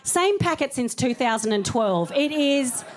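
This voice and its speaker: A woman in her thirties doing stand-up on a club stage, her voice sitting a little on the high side. She talks in a chatty, self-mocking way and laughs through her own punchlines. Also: animated, a little slow. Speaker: stand-up comedian. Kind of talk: stand-up comedy set.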